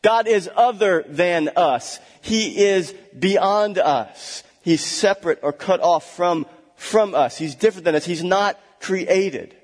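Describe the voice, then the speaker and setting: A fairly high-voiced man preaches a sermon in a church, leaning hard on repeated words for emphasis. He slips into chatty, joking asides. His voice rings out with the long reverb of a big hall. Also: slow pace. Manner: chatty asides with small laughs. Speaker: pastor.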